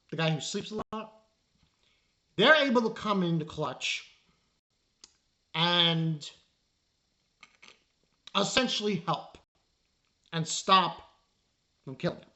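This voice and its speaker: A man's voice: a little high, expressive, pushed and bright. Exasperated, rambling man reviewing anime. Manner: exasperated, rambling, halting with fillers. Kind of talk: casual spoken review.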